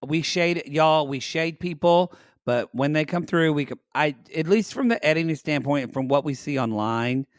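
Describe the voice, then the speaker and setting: Chatty man, lively pitch. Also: no echo, studio quality. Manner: chatty, agreeable, quick interjections. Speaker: podcast co-host. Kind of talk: casual chat recapping a reality show.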